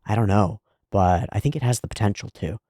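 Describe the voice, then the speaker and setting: A man's voice: fairly low pitch, brisk, dark tone, no echo, studio quality. A man hosting an anime reaction channel, wrapping up a season with earnest, thoughtful casual commentary and filler words.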